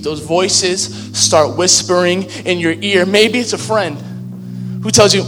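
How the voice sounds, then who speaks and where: A pastor with a high-pitched voice delivers an unhurried sermon in a loose, joking, conversational style. A large church hall lends his voice a long reverb, with faint music underneath.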